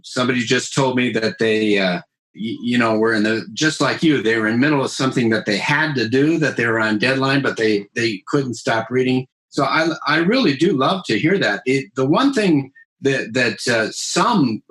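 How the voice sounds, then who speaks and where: A man's voice: mid-range voice, normal speed, a bit bright, low-quality recording. Enthusiastic male writer as guest. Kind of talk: casual podcast interview.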